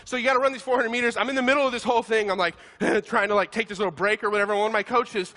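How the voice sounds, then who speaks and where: Male pastor, bright and forceful tone, animated comic sermon storyteller. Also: high-pitched, very fast. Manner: animated, self-deprecating, laughs while talking.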